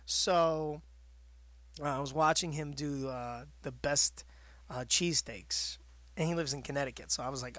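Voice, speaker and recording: A man's voice: medium pitch, moderate pace, a bit bright, dry recording. A man hosting a wrestling radio show in rambling, jokey casual chat. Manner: rambling, jokey, laughs a lot.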